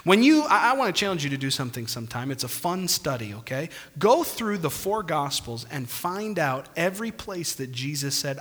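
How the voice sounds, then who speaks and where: A man's voice: on the high side, very animated, normal speed, few pauses, fairly bright tone. A man pastor preaching a sermon emphatically, punctuating points with calls of amen, in a church hall. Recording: long church reverb.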